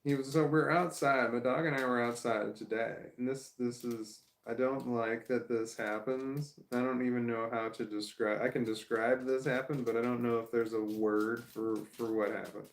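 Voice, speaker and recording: A man with a gravelly, low-middle voice talks straight to his camera at home in a loose, rambling vlog monologue. He circles back and repeats himself, and swears when something annoys him. The room around him is echoey. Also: steady tone, moderate pace, few pauses. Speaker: vlogger.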